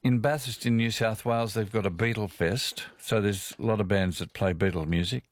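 This Australian-accented man hosts a talkback radio show, his fairly low voice steady and moderately paced in a dry recording. He keeps things casual, chatty and folksy, reading listener messages aloud.

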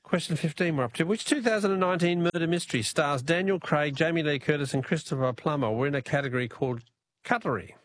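A man's voice: a little high, fast talker. A man with an Australian accent hosting a talkback radio quiz, easygoing and chuckling.

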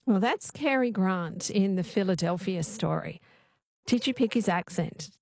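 A woman's voice: medium pitch, lively intonation, a little slow, creaky, no echo. A woman hosting a late-night radio talk show on a studio mic, chatty and enthusiastic. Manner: chatty and warmly enthusiastic, chuckles. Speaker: radio host.

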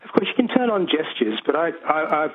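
A man's voice: fairly high pitch, very animated, fairly quick, slightly rough. A man calling in to a radio show, rambling with many restarts. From Australia. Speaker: caller. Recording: phone line.

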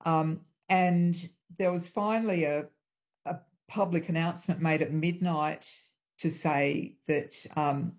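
A woman guest in a hotel room, speaking over an internet call, explaining in a measured way with frequent ums. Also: low-pitched, steady tone, darkish tone. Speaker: historian guest.

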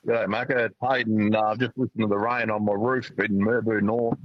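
A man's voice: on the low side, level tone, a little fast, dry recording. Australian man calling in on a muffled phone line. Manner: friendly, hesitant with many fillers. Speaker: caller. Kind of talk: casual phone call to radio. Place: in a car, driving.

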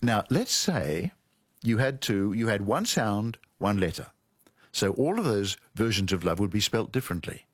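A man's voice: fairly low pitch, lively intonation, normal speed, husky, no room sound. A man who is a language expert, guest on a radio talk show, explaining spelling and pronunciation in a lecturing way and spelling words out letter by letter. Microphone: studio microphone.

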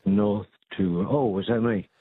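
A man's voice: on the low side, fairly even intonation, measured pace, a little hiss or hum. A male caller to a radio quiz, rambling and musing aloud before he gives an answer. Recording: tinny phone line.

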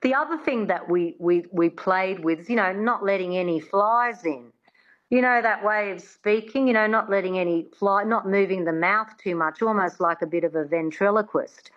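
A woman's voice: mid-range voice, normal speed, dull audio. A woman working as a dialect coach, answering interview questions in a chatty way, often restarting with "I mean".

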